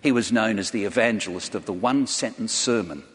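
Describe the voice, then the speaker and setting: Husky-voiced preacher in a reverberant hall. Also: male voice, fairly low pitch, fairly quick. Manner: earnest storytelling with direct questions to the congregation. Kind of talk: sermon. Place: church hall before a large congregation.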